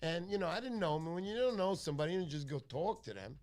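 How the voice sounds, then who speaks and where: A man hosting a casual fishing livestream, chatty and excitable, thanking viewers by name. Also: high voice, fast, faint music behind. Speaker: livestream host.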